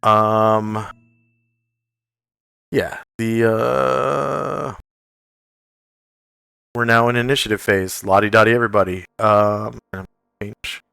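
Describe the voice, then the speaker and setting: Bright, clear-voiced male game master. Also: lowish voice, steady tone, dry recording, soft background music. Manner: casual, halting, full of fillers. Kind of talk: narrating a tabletop game and explaining rules.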